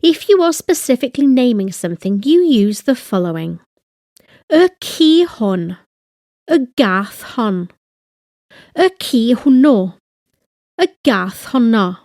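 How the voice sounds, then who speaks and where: Lady teaching grammar real slow, high voice, dry close sound. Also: very animated, darkish tone, no echo. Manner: clear, deliberate model phrases with translations. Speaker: language teacher. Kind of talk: slow bilingual grammar lesson.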